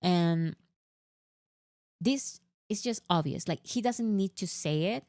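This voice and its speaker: A woman co-hosting a casual fan chat, talking in an animated, exasperated way with lots of fillers. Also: lowish voice, takes it slowly, dry recording, clean studio sound. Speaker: co-host.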